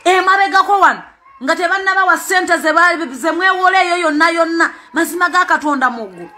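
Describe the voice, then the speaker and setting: Ugandan woman, mother, passionate plea; very high, bright voice; repeats words for emphasis. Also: a little fast. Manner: emphatic, repeats words, switches between two languages. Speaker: parent speaking out. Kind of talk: impassioned spoken appeal.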